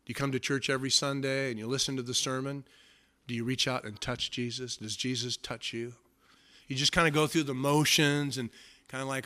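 Sharp-voiced man preaching a folksy sermon. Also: fairly even intonation, brisk. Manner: conversational, folksy storytelling; swings from loud emphasis to hushed, low delivery. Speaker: pastor.

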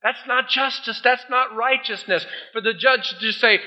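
A man's voice: extremely high pitch, a little slow. A man preaching a sermon as a pastor, telling a story with energy and acting out the voices of a judge and a defendant. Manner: animated storytelling, acting out both sides of a courtroom scene. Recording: dull lo-fi sound.

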